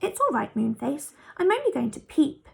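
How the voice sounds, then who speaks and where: A woman's voice: sits high, big pitch swings, normal speed, creaky, a little mellow, exaggerated voice. A woman voicing an eager, bold young boy in a children's story. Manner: eager, exclaiming.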